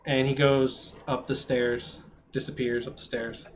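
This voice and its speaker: A man narrating a tabletop game as game master, rambling with many pauses. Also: mid-range voice, little pitch movement, slight background noise. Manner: rambling, filler-heavy narration.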